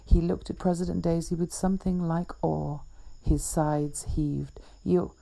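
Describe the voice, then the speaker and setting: Low, gravelly woman reading her story. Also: fairly even intonation, a little slow, warm tone. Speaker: author. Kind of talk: reading her own fiction.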